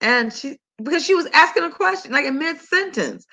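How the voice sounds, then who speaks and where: Older woman host, bright voice, slightly high, chatty and animated storyteller. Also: a little fast. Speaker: health talk host. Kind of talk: casual monologue to listeners.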